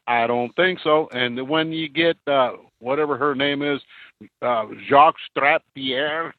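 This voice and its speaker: Rambling trucker calling in by phone. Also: male voice, mid-range voice, fairly even intonation, a little slow, dry recording. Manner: casual, rambling, blunt. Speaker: caller, truck driver. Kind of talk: phoning in to talk radio. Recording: dry tinny phone line.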